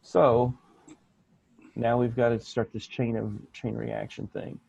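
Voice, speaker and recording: A man's voice: mid-range voice, flat delivery, slow, gravelly, a little mellow, slightly rough, highs cut off. A man co-hosting a podcast, telling rambling anecdotes in casual chat with frequent restarts. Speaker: podcast co-host.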